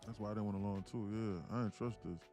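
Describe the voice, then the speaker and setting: A man's voice: lowish voice, steady tone, quick pace, warm tone, soft background music. A man hosting a live trading stream and mentoring viewers, talking in a rambling, slangy way with many restarts. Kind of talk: casual live-stream talk.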